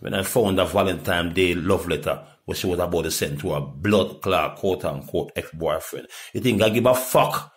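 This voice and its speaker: A middle-aged Jamaican man in a rambling, profane monologue that swings from loud outbursts to low mutters. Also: normal speed, few pauses. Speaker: reggae artist.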